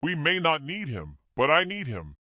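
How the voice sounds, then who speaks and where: A man's voice: fairly high pitch, wildly swooping pitch, moderate pace, bright, forceful tone, no echo, clean studio sound, voice pushed up, heavily acted. A man voicing a seductive, menacing woman doctor with something demonic about her, mocking and snarling.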